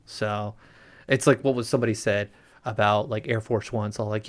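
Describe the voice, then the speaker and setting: A man hosting a casual podcast chat, animated and quick to laugh, with frequent fillers. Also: on the low side. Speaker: podcast host.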